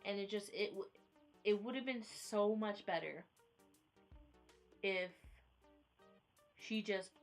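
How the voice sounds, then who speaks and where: A young woman vlogger rants at home into her phone camera, exasperated, repeating herself, and leaning on filler words like "like." Her mid-range voice moves slowly with long pauses, and faint music plays behind her.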